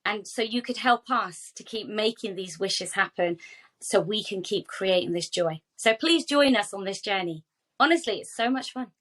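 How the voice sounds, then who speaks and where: Animated woman telling heartfelt stories. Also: mid-range voice, moderate pace. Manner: animated, heartfelt storytelling with quoted dialogue. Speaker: charity founder, guest. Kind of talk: podcast interview.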